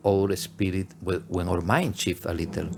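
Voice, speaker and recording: Deep gravelly man. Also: steady tone, moderate pace, background noise. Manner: searching for words in English, earnest. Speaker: podcast co-host, walking partner. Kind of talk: casual storytelling chat.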